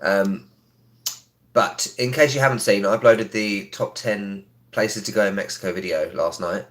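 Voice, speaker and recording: A man with a sore throat hosts a casual live stream from a room at home. His voice sits fairly low, and he keeps it quiet and chatty, greeting viewers between frequent ums. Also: fairly even intonation, normal speed. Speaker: travel vlogger hosting a live stream. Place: indoors in a home.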